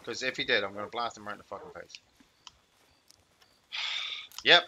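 Male streamer, sharp bright tone, loose rambling chat, frequent swearing. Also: lowish voice, moderate pace, slight background noise. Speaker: game streamer. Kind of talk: casual gaming chat.

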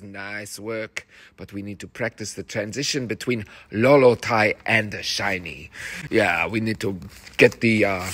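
A man's voice: on the low side, fairly bright tone, slight background noise. A theatre director, a man, reading rehearsal notes to his cast, encouraging and fond of repeating phrases.

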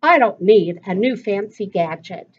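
A practical, no-nonsense mother who speaks firmly and slowly, voiced by a woman reading a storybook. The recording is dull and lo-fi. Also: medium pitch, expressive.

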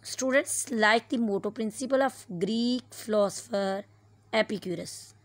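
A woman teacher giving an online English lesson, reading a passage aloud slowly and explaining word meanings with occasional fillers. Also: fairly high pitch, no room sound. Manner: slow, deliberate reading with fillers.

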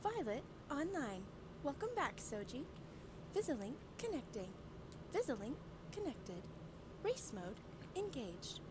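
Brief: female AI car assistant voiced by a woman, clipped announcements, high, lilting, heavy noise behind. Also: big pitch swings, measured pace, pauses often. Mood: formal.

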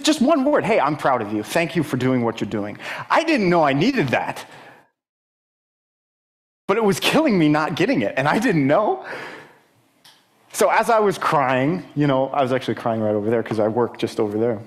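An earnest young man sharing a personal testimony in church, his mid-pitched voice full of fillers and stops. As he gets stirred he pushes higher and more emphatic, then settles back into an easy, searching talk. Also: sing-song. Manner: halting, many fillers and restarts. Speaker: church speaker.

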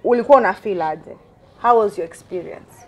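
A woman hosting a casual talk show interview, bubbly and quick to laugh, mixing English with Swahili slang. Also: mid-range voice, muffled recording.

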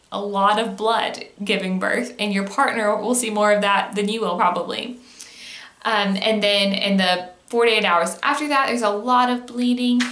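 A woman's voice: medium pitch, fairly bright tone, roomy sound. A woman, chatting candidly to camera as a mom vlogger, with lots of fillers and easy laughter. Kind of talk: casual chat to camera.

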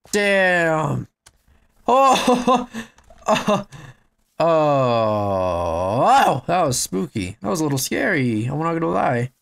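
Young male gamer, lively swinging pitch, unhurried baseline, bursts into shouts and curses at the game. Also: vocal fry. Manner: excitable, shouting and swearing at the game. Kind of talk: let's play commentary.

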